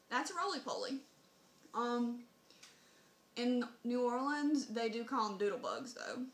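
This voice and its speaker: A woman's voice: fairly high pitch, fairly bright tone, roomy sound, slight background noise, poor audio. A young woman from southern Mississippi with a Southern Mississippi accent, chatting casually in a vlog and reading word lists aloud, recorded on a phone. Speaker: vlogger.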